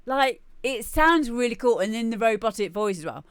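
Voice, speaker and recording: A woman's voice: mid-range voice, expressive, moderate pace, clear, resonant tone, no room sound. A woman talking casually on a live stream, chatty and repeating herself as she gives feedback on music. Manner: chatty, restarts and repeats words often.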